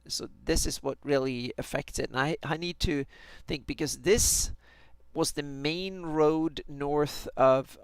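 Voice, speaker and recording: A man's voice: medium pitch, gravelly, smooth, dry recording. A man thinking aloud on a live stream as he draws a fantasy map, hesitant, with many restarts. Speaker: fantasy map maker streaming his work.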